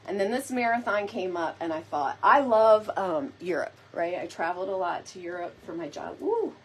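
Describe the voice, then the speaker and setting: A woman's voice: lowish voice, normal speed, slightly rough. Chatty woman hosting a craft stream. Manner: chatty, playful, addresses viewers often. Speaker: DIY decor host. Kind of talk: casual live crafting chat.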